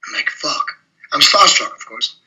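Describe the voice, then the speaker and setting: Blunt, forceful man. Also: on the high side, normal speed, rough recording. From Germany. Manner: blunt, profane, animated anecdotes with frequent laughs. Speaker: interview guest, bodybuilder. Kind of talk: casual interview storytelling.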